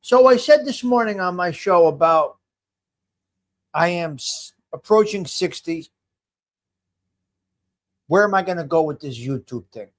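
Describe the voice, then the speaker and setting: A man in his fifties chats on a casual live stream from home, greeting viewers by name and rambling while restarting his sentences. He has a high voice with lively intonation, talks a little slowly, and pauses often.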